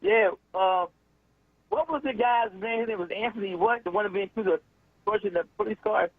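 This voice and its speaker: A man's voice: high voice, moderate pace, slightly rough, no room sound. A man calling into a radio show, asking questions in casual, everyday speech. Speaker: caller. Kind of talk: phone call on radio. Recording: tinny phone line.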